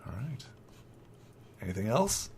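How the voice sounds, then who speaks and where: Lively man running a tabletop game. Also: medium pitch, measured pace, slight background noise. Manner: loose and chatty, many fillers like "like". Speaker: game master.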